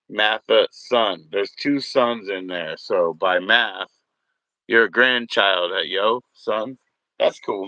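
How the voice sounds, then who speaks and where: New guy streaming from home, deep voice, dry dull mic, swearing at trolls. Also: vocal fry, sharp tone, no room sound. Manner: profane, rambling, mocking trolls. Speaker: livestream host. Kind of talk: casual livestream chat.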